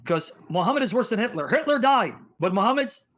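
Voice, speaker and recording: A man with a high-pitched voice hosts a heated debate livestream. He reads passages aloud forcefully, combative and insistent, pressing his guest with questions. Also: sing-song, a little fast. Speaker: livestream host.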